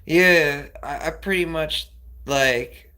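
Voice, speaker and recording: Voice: mid-range voice, slow pace, bright, forceful tone, rough recording. A livestreamer chatting casually to viewers, rambling and hesitant with many fillers. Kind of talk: casual chat.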